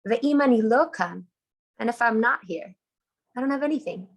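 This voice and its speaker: A woman's voice: on the high side, lively intonation, moderate pace. A woman teaching on a live video call, telling a story in an enthusiastic, chatty way. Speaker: Torah teacher.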